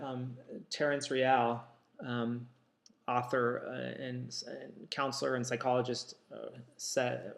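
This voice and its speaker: A man talks straight to his listeners in a casual, reflective way, often stopping with ums and starting over. His voice sits at a middle pitch, and the room gives it a clear echo. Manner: reflective, many ums and restarts. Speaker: author and counselor. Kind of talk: casual talk to camera.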